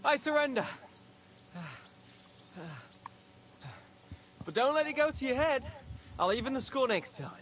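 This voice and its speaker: A courteous sparring opponent. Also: male voice, very high voice, lively intonation, a bit bright. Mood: conceding. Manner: courteous, measured. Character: composed male sparring opponent. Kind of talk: video game dialogue. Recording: game audio with music.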